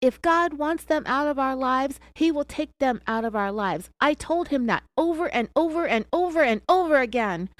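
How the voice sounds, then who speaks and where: A woman's voice: sits high, lively intonation, normal speed, few pauses, no room sound, pitched above the performer's own voice. A woman voicing an accused wife under interrogation, screaming insistent denials. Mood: defensive, insistent.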